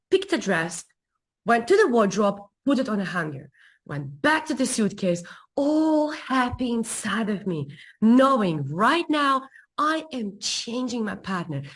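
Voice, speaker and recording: Husky woman telling an animated story. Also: medium pitch. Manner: expressive, emphatic repetition, laughs easily. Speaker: guest relationship coach.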